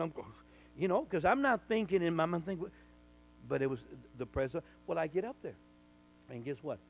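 A man, a minister, telling a personal testimony in conversation, full of restarts and sudden loud bursts. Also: a little high, slight background noise, poor audio. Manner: animated storyteller, stammering restarts, bursts loud when quoting. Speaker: minister, guest.

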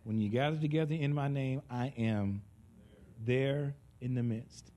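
A man preaching a conversational sermon. He is animated and joking, and swings between soft and loud delivery. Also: medium pitch, unhurried.

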